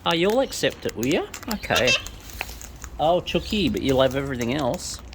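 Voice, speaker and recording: A woman's voice: very deep voice, sing-song, moderate pace. A woman talking to wild birds in a coaxing, sing-song baby-talk manner while feeding them outdoors. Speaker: bird feeder vlogger. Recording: outdoor noise with bird sounds.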